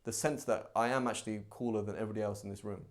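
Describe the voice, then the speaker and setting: A man teaching a live religious class in a conversational, animated way, acting out everyday examples. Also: fairly low pitch, racing. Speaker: Islamic teacher.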